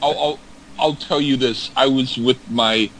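A man co-hosting a podcast, talking casually in a halting, rambling way and repeating words. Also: mid-range voice, steady tone, a bit bright, rough recording. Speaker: podcast co-host. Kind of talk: casual chat.

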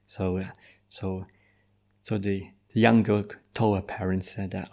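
A Buddhist monk tells a story in a dharma talk, speaking in halting phrases that nearly always end in "eh". His voice sits low and carries a noticeable gravelly fry. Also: fairly even intonation, darkish tone. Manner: hesitant, tags nearly every phrase with "eh".

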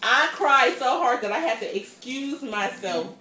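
A woman co-hosting a podcast from her kitchen, telling stories in a casual, animated way, laughing often and swearing freely. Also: on the high side, unhurried, roomy sound, recorded from a distance, a little hiss or hum. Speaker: podcast co-host. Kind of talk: casual storytelling chat. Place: home kitchen.

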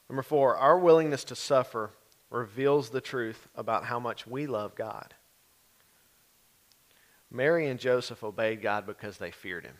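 A man's voice: medium pitch, a bit bright. A man preaching a sermon, talking casually and acting out the voices of the figures in the story. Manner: conversational preaching, acts out voices of biblical figures. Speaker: pastor.

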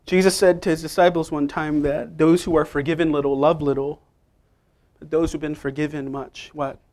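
A male pastor preaching a sermon, emphatic and playful, swinging from quiet asides to loud stresses. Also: fairly high pitch, level tone, normal speed.

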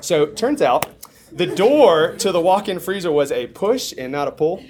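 A young man preaching, telling a funny story with big swings from hushed lines to shouted ones. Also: fairly high pitch, sing-song, normal speed, background noise. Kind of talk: storytelling sermon.

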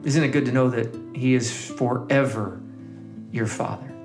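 A man with a mid-range voice reads scripture and reflects on it softly, lingering on single words. Plucked guitar plays clearly behind him. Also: mid-range voice, steady tone, unhurried. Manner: soft, gentle, lingering on words. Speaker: devotional leader. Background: guitar music.

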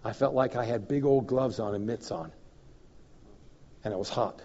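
A man, a guest minister, preaching a sermon full of personal stories, animated, chuckling and making sound effects as he tells them. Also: medium pitch, normal speed. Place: church meeting hall. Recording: dull echoey church hall recording.

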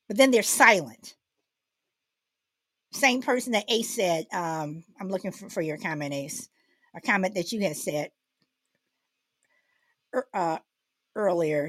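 A woman's voice: lowish voice, a bit bright, no echo, studio quality. A woman hosting a casual live audio chat, talking in a rambling way with lots of fillers and restarts. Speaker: host.

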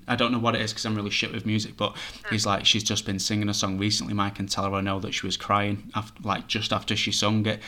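A man's voice: fairly low pitch, bright, forceful tone. A man working as a psychic medium, talking chattily and reassuringly as he relays messages to a sitter. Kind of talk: reading for a sitter.

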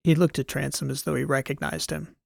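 A man reading a science fiction story as an audiobook narrator, in a measured, even way. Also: on the high side, creaky, dry recording, clean studio sound. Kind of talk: scripted narration.

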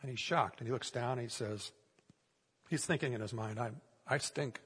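A male pastor preaching a sermon, telling a story and then easing into a soft, prayerful invitation. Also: mid-range voice, fairly quick, slightly rough. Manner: storytelling, growing soft and hushed toward a prayerful close. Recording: long reverb of a large hall.

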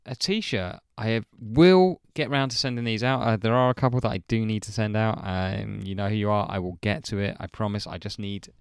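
A man co-hosting a podcast, wrapping up the episode in a relaxed, rambling way. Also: fairly low pitch, a little fast, gravelly, hardly any pauses, clear, resonant tone, no echo, clean studio sound. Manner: relaxed, rambling sign-off with fillers. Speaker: podcast co-host. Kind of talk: casual chat.

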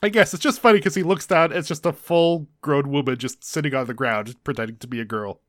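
A man's voice: fairly high pitch, fairly quick, dry recording, studio quality. A young man co-hosting a casual show recap, laughing often and restarting sentences as he goes. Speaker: podcast co-host.

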